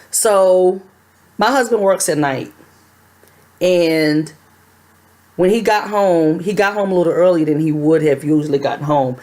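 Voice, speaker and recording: A young adult woman telling a personal story to her camera in a chatty, animated way. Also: on the low side. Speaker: vlogger.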